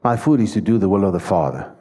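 A man's voice: deep voice, animated, fast talker, warm tone. A man preaching a sermon in a church, stressing his points and putting questions to the congregation. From South Africa. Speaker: pastor.

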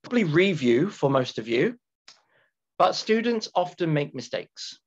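A man teaching an English grammar lesson to students, talking slowly and deliberately, repeating key words and stretching them for emphasis. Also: fairly high pitch, very animated, a little hiss or hum. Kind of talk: recorded classroom grammar lecture. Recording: dull lo-fi lecture recording with keyboard typing.

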